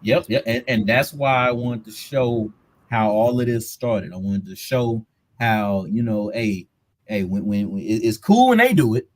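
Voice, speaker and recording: A man's voice: lowish voice, lively intonation, a little slow. A man hosting a live reaction stream, commenting on a debate clip. He laughs often and talks in a loose, mocking way.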